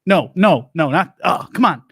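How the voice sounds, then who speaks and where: A man playing a rambling, divorced doomsday-prep lecturer who hosts an improvised comedy show, talking in halting, deadpan stops and starts. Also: sits high, slightly rough, no room sound, clean studio sound, exaggerated voice.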